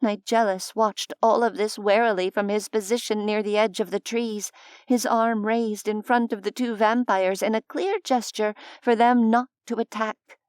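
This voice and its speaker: A woman reading a fantasy audiobook in a measured, expressive narration on a close studio mic. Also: mid-range voice, clean tone, dry recording.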